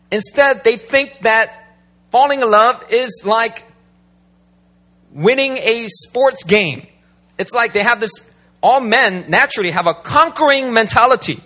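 A man who is a pastor, talking casually and animatedly, acting out what people say. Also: high-pitched. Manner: animated, acts out quotes. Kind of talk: casual talk.

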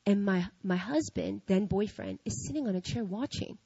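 Woman, casual storyteller, animated, slangy, dry muffled recording. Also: mid-range voice, normal speed, gravelly, husky, no room sound. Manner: animated, slangy, acts out her own reactions. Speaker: speaker sharing a personal faith story.

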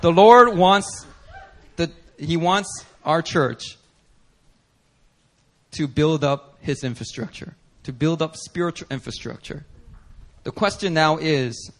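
A man preaching a sermon as pastor, telling a story animatedly with laughter and sudden shouts. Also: fairly high pitch. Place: church service.

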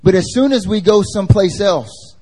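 Brief: male preacher, somewhat high voice with a mellow tone, conversational sermon, quizzes the listeners. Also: normal speed, soft background music. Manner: casual and slangy, asks the congregation questions. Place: church service.

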